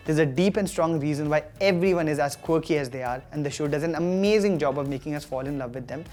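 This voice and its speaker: Quick chatty host doing a tv countdown, upbeat and jokey, mid-pitched voice, bit of music underneath. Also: a little mellow. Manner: enthusiastic, quick, jokey asides. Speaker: host of an online TV review show. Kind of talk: scripted countdown review.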